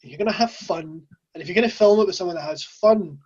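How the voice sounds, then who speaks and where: A woman's voice: on the low side, a little mellow, slightly rough. A woman with a Scottish accent hosting a casual interview, chatty and joking. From Scotland. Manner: chatty, joking, quick asides. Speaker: host. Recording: dull lo-fi mic sound.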